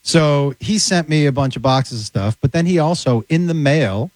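A man, a comedian guest, chatting casually and telling animated stories. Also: a little high, normal speed, no echo, rough recording. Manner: animated storyteller, slips into character voices. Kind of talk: casual podcast chat.

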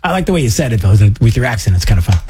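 A man hosting a radio talk show, chatting casually and sarcastically, sometimes jumping into mocking high voices. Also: sing-song, very fast, dark tone, breathy edge.

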